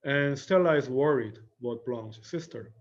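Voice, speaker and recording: A male high school English teacher with a Korean accent, explaining a play by paraphrasing lines in simple English, repeating himself and checking with "right?". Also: normal speed, lo-fi sound.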